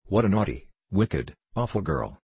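A man reading an audiobook, voicing a small earnest girl with slow, childlike questions. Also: sits low, sing-song, vocal fry, darkish tone, breathy edge, dry recording, exaggerated voice.

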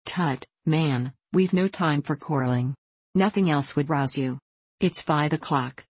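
A scornful old colonel from a storybook, gruff and curt, with a sneer in every word. A woman plays him in a low voice that stays dry and close to the mic. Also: measured pace, darkish tone, no echo. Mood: brusque.

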